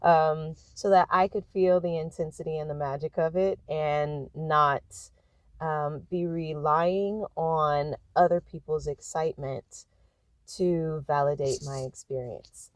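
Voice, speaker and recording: A woman speaking in a reflective personal monologue, thoughtful and unhurried, pausing often to find her words. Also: deep voice, steady tone, no echo. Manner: thoughtful, unhurried, with frequent hesitations.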